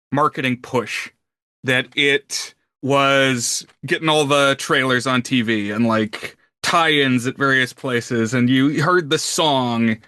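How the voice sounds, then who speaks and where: A man's voice: medium pitch, pushed and bright, no echo, studio quality. A man in his thirties co-hosting a film podcast, chatty and teasing, with hesitant restarts. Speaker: podcast co-host. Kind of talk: casual film podcast chat.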